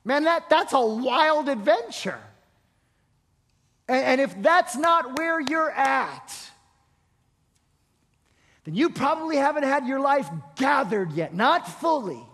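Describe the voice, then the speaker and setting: High-voiced emphatic male pastor preaching. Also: expressive, slow pace, pauses often, a bit bright. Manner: emphatic, repetitive preaching with stammered restarts. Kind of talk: sermon. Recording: reverberant hall.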